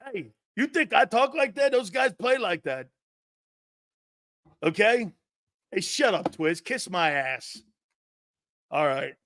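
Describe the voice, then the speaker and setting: A man hosting a football talk show in a brash, loud, profane and mocking monologue. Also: sits high, animated, slow, long pauses, dry recording, studio quality. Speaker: sports talk show host.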